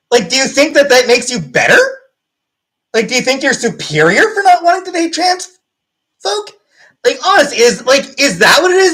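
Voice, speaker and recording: A woman's voice: high-pitched, fairly bright tone, poor audio. A woman livestreamer ranting angrily and profanely to her chat, with an exasperated, mocking edge. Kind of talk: live-stream rant.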